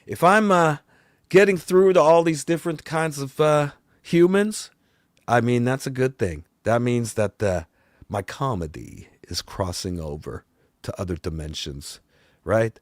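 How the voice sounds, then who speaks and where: A man's voice: medium pitch, expressive, measured pace, dry recording, clean studio sound, lightly acted. A man playing a boastful vampire talk-show host, telling a rambling, exasperated story and swearing along the way. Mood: ranting. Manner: rambling and exasperated, swears, voice often climbs and grows loud. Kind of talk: comedic rant.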